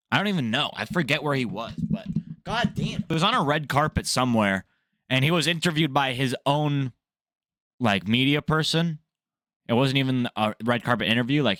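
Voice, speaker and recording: Recorded dry at studio quality, a young man with a mid-range voice delivers MMA news as an animated, casual rant, blunt in tone, heavy on profanity, and openly opinionated.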